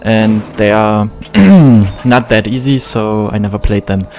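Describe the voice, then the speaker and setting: A man from Germany with a German accent, giving relaxed, self-deprecating commentary while playing a video game. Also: fairly low pitch, measured pace, faint music behind. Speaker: let's play gamer. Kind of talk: casual gameplay commentary.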